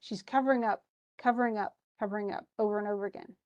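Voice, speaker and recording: A woman's voice: mid-range voice, steady tone, fast, a little mellow, highs cut off. A woman teaching a play, reading passages aloud and stopping in a casual, conversational way to explain what the characters mean. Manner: conversational, stops to explain lines. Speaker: literature teacher.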